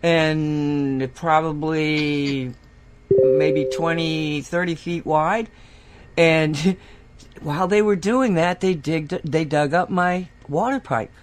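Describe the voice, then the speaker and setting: A woman hosting a relaxed conversation. She rambles through her stories, breaks into laughter often and jumps into little impressions of the people she quotes. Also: deep voice, takes it slowly. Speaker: host. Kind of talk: casual chat.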